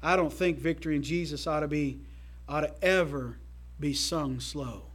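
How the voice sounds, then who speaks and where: A man preaching a sermon to his church in a folksy, emphatic way, swinging between loud calls to the congregation and quiet asides. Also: fairly high pitch, normal speed. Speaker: pastor.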